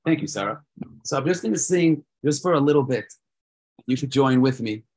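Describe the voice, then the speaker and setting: A man hosting a children's prayer event, telling a story with dramatic swings between loud and soft. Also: mid-range voice, expressive, a little fast. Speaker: host leading children in prayer.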